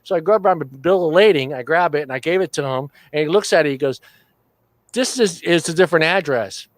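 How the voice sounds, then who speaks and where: A man hosting a casual online talk show, chatty and quick to laugh. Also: on the high side, dry recording. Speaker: podcast host. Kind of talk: casual chat.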